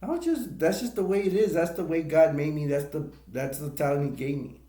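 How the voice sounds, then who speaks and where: A man's voice: fairly high pitch, brisk, warm tone. A man rambling emotionally through tears in a live stream monologue, repeating himself as he talks. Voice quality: gravelly. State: crying. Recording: echoey room.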